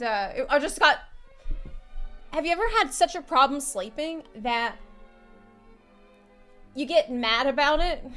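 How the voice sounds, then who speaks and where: A woman's voice: high-pitched, bright, forceful tone. A tired woman streaming, chatting casually and rambling, often breaking into laughter.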